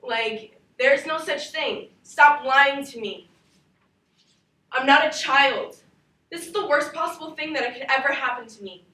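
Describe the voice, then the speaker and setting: A woman's voice: sits high, animated, quick pace, few pauses. A woman acting a teenage girl whose parents are divorcing, pleading and accusing in turns in a dramatic classroom monologue. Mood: furious. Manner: pleading and accusing, rising to shouting. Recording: roomy classroom, from far off.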